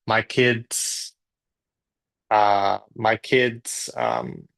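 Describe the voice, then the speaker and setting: A man's voice: lowish voice, sing-song, drawn-out words, creaky, fairly bright tone. A Canadian man teaching English, chatting casually and joking with his viewers during a live class. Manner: chatty, joking, self-deprecating.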